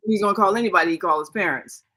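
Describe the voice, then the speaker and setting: A woman's voice: mid-range voice, racing, noisy background. An older woman and co-host, rambling through a family story in casual chat with many restarts.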